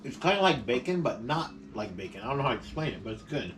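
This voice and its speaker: In a casual mukbang filmed at his home dining table, the vlog host speaks fast in a sing-song, medium-pitched voice. He's chatty and playful, laughing often. Sound is captured by a camera mic set at a distance, with a bit of faint noise.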